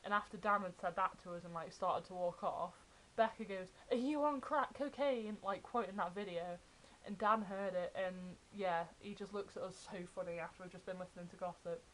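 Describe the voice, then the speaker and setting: A young adult woman, excitedly telling fan stories in a casual vlog. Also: fairly low pitch, brisk, a little hiss or hum, poor audio. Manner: chatty, excited retelling of fan anecdotes. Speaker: vlogger.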